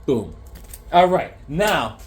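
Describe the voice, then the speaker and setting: A man's voice: on the high side, very animated, slow pace. A man showing off his comic collection in a casual vlog, rambling through stories and landing joke punchlines. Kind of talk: casual show-and-tell with jokes.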